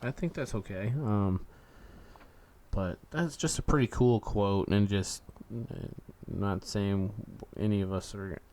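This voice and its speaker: A man's voice: fairly low pitch, slow, a little mellow. A man co-hosting a casual podcast, rambling with lots of fillers. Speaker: podcast co-host. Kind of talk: casual chat.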